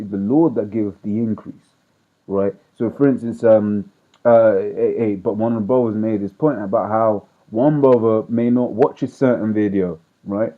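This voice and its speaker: A man's voice: on the low side, steady tone, moderate pace. A man teaching scripture in a loose, rambling, conversational way, constantly checking in with "right?". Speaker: street preacher. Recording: tinny phone-like audio.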